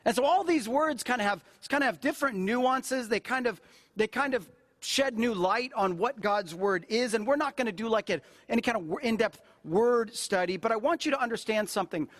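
High-voiced man preaching conversationally. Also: expressive, brisk, fairly bright tone. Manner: conversational, repeats phrases for emphasis. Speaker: pastor. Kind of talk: sermon.

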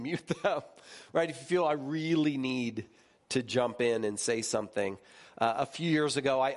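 Male pastor, mid-pitched voice, informal lively preaching with pitch jumps in the stories. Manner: animated, chatty, checks in with listeners with "right?"; lively, jumps higher when recounting stories. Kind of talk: conversational sermon.

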